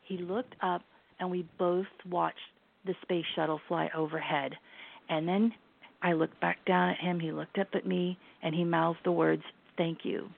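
A woman's voice: lowish voice, level tone, a little slow, gravelly. A middle-aged woman as an interview guest, talking in an earnest, reflective way with hesitant restarts. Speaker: guest, lifestyle brand founder. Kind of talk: casual interview chat. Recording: tinny phone line.

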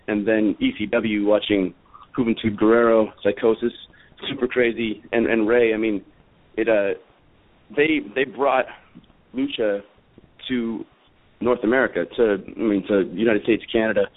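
Man rambling on a phone line. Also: on the low side. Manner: rambling, many fillers and restarts. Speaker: guest wrestler. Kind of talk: casual radio interview. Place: after party. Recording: phone-like radio audio.

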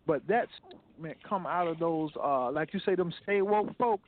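A man's voice: a little high, normal speed. A man co-hosting a casual talk show, speaking emphatically in preachy asides. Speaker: co-host. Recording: tinny phone-like line.

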